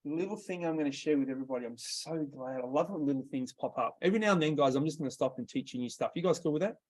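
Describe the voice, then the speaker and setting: A man's voice: fairly high pitch, very fast. A man with an Australian accent coaching a sales workshop, direct and quizzing his group as he goes. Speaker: sales trainer.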